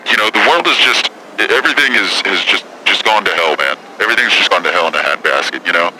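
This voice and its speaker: A man's voice: low-pitched, lively intonation, fast talker, bright, forceful tone, slight background noise, full character voice, rough recording. A man impersonating a brash, foul-mouthed celebrity woman who calls in to pick fights, rambling and cursing as he talks. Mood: combative. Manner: profane, combative, rambling. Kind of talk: prank call impression.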